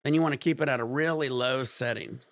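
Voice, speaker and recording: A laid-back man chats on a livestream, rambling and laughing as he goes. His voice has a gravelly edge and sits at an average pitch. The sound is dry and close. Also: fast talker, dry recording. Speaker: livestream host. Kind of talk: casual livestream chat.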